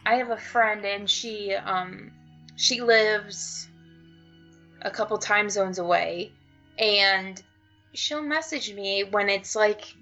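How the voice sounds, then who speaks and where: A woman co-hosting a podcast in casual chat, expressive, jokey and blunt. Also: medium pitch, slow, muffled recording, soft background music. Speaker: podcast co-host.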